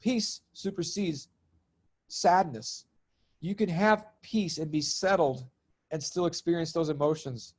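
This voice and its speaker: A middle-aged man tells his stories with real liveliness, breaking into laughter and acting out the people he quotes. His voice sits a little higher than most men's. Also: unhurried, breathy edge. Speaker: guest, spiritual comedian and healer. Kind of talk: animated storytelling in conversation.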